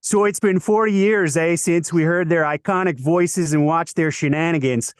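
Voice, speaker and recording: A man's voice: fairly high pitch, normal speed, clean tone, no echo, studio quality, pitched above the performer's own voice, natural voice. A man putting on a rowdy Canadian movie-trailer announcer voice, with a slangy, jokey manner and a Canadian accent. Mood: boisterous. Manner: slangy, jokey hoser talk.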